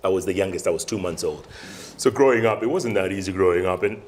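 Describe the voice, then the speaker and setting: A man's voice: low-pitched, fast, a little hiss or hum. A man in his late fifties, telling his story in an interview and acting out the voices of other people in it. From Kenya. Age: late 50s. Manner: animated storyteller acting out dialogue. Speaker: guest news anchor.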